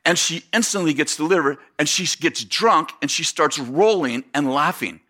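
A man preaching a sermon, telling a lively story and acting out the voices of the people in it, with many fillers and restarts. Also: fairly high pitch, normal speed. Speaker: pastor.

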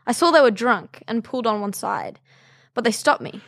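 A woman's voice: a little high, normal speed, vocal fry, fairly bright tone, dry recording, studio quality. A woman with an Australian accent reading the first-person account of a male bushranger in a casual role play. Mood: narrating. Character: male bushranger telling his own story. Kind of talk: comic read-along role play.

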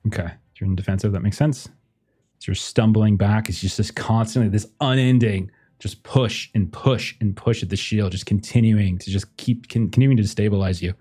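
A man's voice: fairly low pitch, moderate pace, mellow, breathy edge. A man running a tabletop game as game master, thinking aloud with many fillers and laughing often as he talks. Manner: laughs often while talking. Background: faint music.

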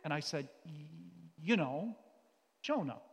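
A man with a high voice preaches a sermon in a hall. He speaks with passion, with sudden loud outbursts that give way to quiet, earnest passages. The hall's long reverb trails after his words. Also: lively intonation, takes it slowly, husky. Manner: impassioned, shifts between loud outbursts and quiet earnest stretches. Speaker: teacher and pastor. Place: church or hall.

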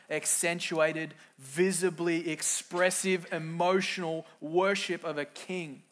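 A middle-aged man preaching a sermon, moving from quiet, reflective lines to loud, emphatic ones and acting out quoted voices. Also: on the high side. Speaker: pastor.

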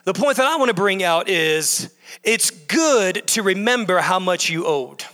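A man's voice: high-pitched, expressive, unhurried, pushed and bright, big-room sound. A male pastor preaching a sermon in a church, emphatic and repetitive, building his points in bursts. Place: church sanctuary.

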